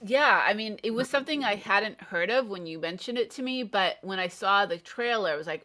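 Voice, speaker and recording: A woman's voice: medium pitch, expressive, fairly quick, few pauses, sharp tone. A woman English tutor talking through a film in a thoughtful, explaining way. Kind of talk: casual chat about a film.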